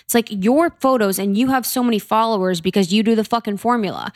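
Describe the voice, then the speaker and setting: A woman's voice: mid-range voice, fast, darkish tone, no echo, clean studio sound. A woman co-hosting a podcast in casual chat, ranting bluntly and swearing often. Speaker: podcast co-host.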